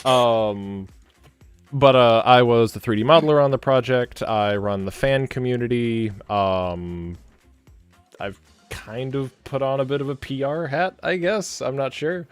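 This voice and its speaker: A man's voice: medium pitch, unhurried, clean tone. Man, casual stream chat, giggly, rambling, music faint behind. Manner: giggly, rambling with many fillers. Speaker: community manager.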